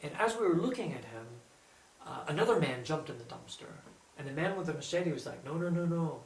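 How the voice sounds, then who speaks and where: A man telling a personal anecdote in a casual, animated way, quoting others in lively bursts. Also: a little high, fairly quick, creaky. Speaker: storyteller. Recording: roomy echo, distant mic, faint background hum.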